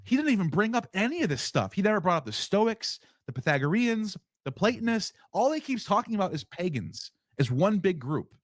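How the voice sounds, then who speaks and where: Animated, worked-up man streaming. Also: high voice, dry recording, studio quality. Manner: animated, worked up, rapid rhetorical questions. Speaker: streamer reacting to a video. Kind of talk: heated livestream commentary.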